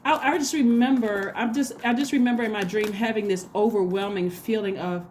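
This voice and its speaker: A woman giving a casual spoken tarot reading, chatty and excitable, talking straight to her viewers. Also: mid-range voice, fairly quick, a little hiss or hum. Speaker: tarot reader.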